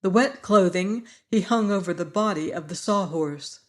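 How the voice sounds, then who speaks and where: A man narrating an audiobook in a measured, even storytelling manner. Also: high-pitched. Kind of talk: scripted narration.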